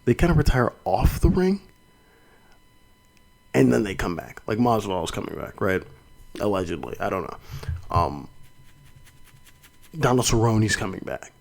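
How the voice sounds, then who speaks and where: A man's voice: lowish voice, sing-song, moderate pace, vocal fry, pauses often, poor audio. A young man hosting a solo fight podcast, talking casually and rambling with many restarts and some swearing. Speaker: podcast host.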